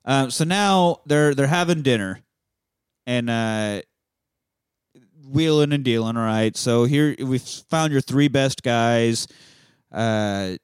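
Man, movie podcast host, casual film recap, profane, chatty, mid pitch, dry close sound. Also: clear, resonant tone, no room sound. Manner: profane, chatty and quick to laugh, acts out quotes. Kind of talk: casual chat, retelling a film scene by scene.

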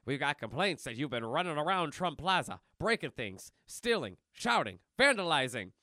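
A man voicing a blustering, gruff male city police officer in a comic read-aloud. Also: on the high side, big pitch swings, moderate pace, sharp tone, dry recording, clean studio sound, exaggerated voice.

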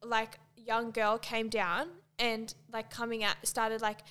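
Chatty young woman, bright voice. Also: a little high, completely flat delivery, slow pace, clean tone. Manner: chatty, says "like" constantly, acts out quoted people. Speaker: podcast co-host. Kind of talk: casual chat, storytelling.

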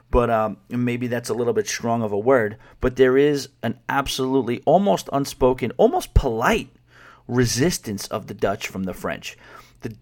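A man hosts a casual travel podcast, talking through a cruise port in a lively, conversational way. His voice sits at an ordinary middle pitch. He drops playful quoted asides as he goes. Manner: animated, mimics locals in quoted asides. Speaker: podcast host.

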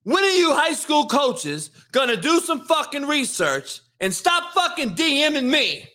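A male show host delivering an angry, profane rant about sports, often yelling and swearing heavily. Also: very high voice, very animated, measured pace.

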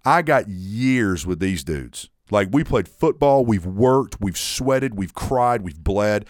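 A young man telling stories on a podcast, swearing freely and animated. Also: fairly low pitch, takes it slowly, no room sound, clean studio sound. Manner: profane, animated storyteller. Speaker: podcast host. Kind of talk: casual podcast chat. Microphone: studio mic.

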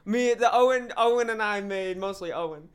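Smooth-voiced woman, excitable podcast guest. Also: medium pitch, normal speed. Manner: excitable, bursts into laughter, sings and raps. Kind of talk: casual chat and freestyle rap.

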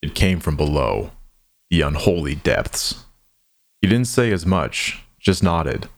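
Deep-voiced man narrating a somber tale. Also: very animated. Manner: measured, somber storytelling. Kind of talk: scripted drama narration.

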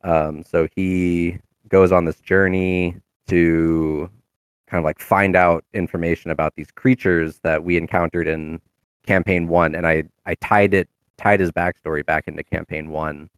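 Man, very low voice, smooth, casual rambling chat, dry close sound. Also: steady tone, unhurried, no room sound. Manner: rambling, full of fillers and restarts. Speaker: tabletop game player.

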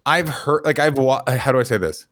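A man's voice: medium pitch, normal speed, a bit bright, dry recording, clean studio sound. A man co-hosting a comedy podcast, teasing his partner with sardonic, profane jokes. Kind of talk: casual comedic chat.

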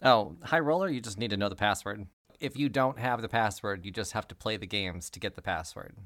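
A man voicing a male gambling hall host who keeps the door, giving quick, offhand instructions. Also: fairly low pitch, fairly bright tone, voice pushed down, close to an everyday voice. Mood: brisk. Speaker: game master. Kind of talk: tabletop role-play voicing.

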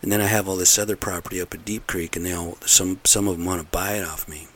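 A man's voice: sits low, steady tone, quick pace, fairly bright tone. A middle-aged man in a casual, rambling monologue, blunt and aggrieved, repeating himself as he rants. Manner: aggrieved, blunt, repetitive ranting.

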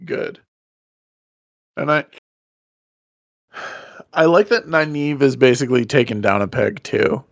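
A man co-hosting a podcast in casual chat, excitable and swearing freely. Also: mid-range voice, slow pace, vocal fry, long pauses, no room sound, studio quality. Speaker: podcast co-host.

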